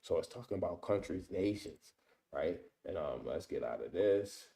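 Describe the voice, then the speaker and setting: A man's voice: low voice, lively intonation, moderate pace, vocal fry, warm tone. A man teaching a casual Bible lesson, reading verses aloud and explaining them, often tagging his sentences with "man" and "right?". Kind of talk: informal scripture study lesson.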